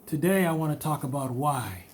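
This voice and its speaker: A man hosting a motivational video delivers a monologue, hammering home repeated, emphatic rhetorical questions and speaking candidly about his own struggles. His voice sits on the high side with lively intonation and a moderate pace, over slight background noise.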